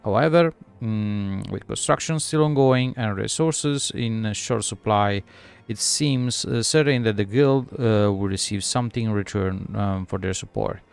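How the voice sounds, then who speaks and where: A man's voice: lowish voice, unhurried, gravelly, few pauses, clean tone. A man reading as a formal young scholar. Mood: earnest. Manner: stumbling formal reading aloud.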